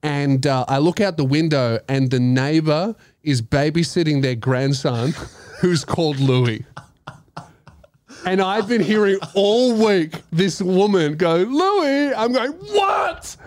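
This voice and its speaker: A man's voice: a little high, measured pace, a little mellow, no echo. A young Australian man hosting a podcast, telling a story in casual chat, swearing and acting out his own reactions. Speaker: podcast host.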